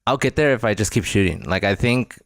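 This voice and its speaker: A man's voice: fairly low pitch, animated, a little fast, dry recording, studio quality. A man in his twenties, a photographer guest, chatting casually in a rambling way with lots of fillers and laughs. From Las Vegas, Nevada. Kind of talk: casual podcast chat.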